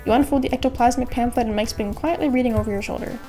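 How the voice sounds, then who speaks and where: Woman streamer, reading a game aloud, playful asides, mellow voice, faint music. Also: on the high side, rapid-fire.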